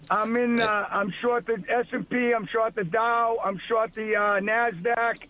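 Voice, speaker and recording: A man's voice: very high voice, fairly even intonation, measured pace, bright, forceful tone. A man with a Boston accent calling in to a market show, friendly and chummy. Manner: affectionate, calls host "buddy". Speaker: caller. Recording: muffled phone line with faint noise.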